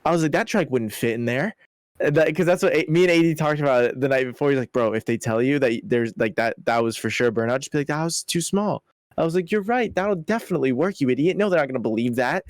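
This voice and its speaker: Young dude on a podcast, crisp smooth voice, no room sound, cussing and saying bro a lot. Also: male voice, medium pitch, fast, dry recording, clean studio sound. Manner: animated, profane, lots of "bro" and "like". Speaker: podcast co-host. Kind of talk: casual storytelling chat.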